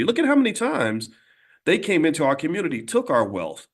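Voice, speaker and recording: A middle-aged man hosting his own channel, telling stories in a blunt, animated casual monologue. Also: a little high, fairly quick. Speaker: host.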